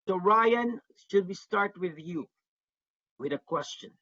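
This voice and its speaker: A man's voice: sits high, expressive, takes it slowly, bright, forceful tone. Man advising in dull webinar audio. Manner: earnest, repeats key advice for emphasis. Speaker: international student advisor presenting a workshop. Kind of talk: online workshop presentation. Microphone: video call.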